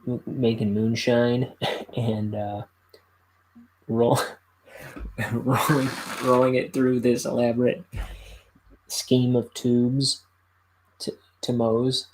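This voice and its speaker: Casual solo host, slow-spoken man, gravelly voice, halting and rambling. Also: mid-range voice, darkish tone, poor audio. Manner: rambling, halting, with many fillers. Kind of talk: casual chat.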